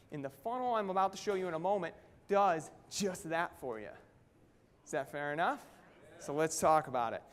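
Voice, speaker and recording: A man giving an energetic motivational talk at a company event, constantly firing questions at the audience. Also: sits high. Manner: energetic, keeps quizzing the audience. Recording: long hall reverb.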